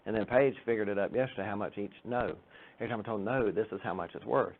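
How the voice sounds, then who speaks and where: A man's voice: lowish voice, quick pace, gravelly. A man giving an informal church talk, chatty and joking, acting out the people in his stories. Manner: chatty storytelling with jokes and acted-out quotes. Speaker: church speaker. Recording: tinny phone-like sound.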